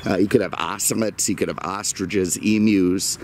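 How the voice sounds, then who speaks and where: A man's voice: sits low, fairly even intonation, normal speed, a little mellow, slight background noise. A man hosting a car video outdoors, grumbling through a sarcastic, joking rant. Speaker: car dealer and video host. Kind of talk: casual outdoor vlog rant.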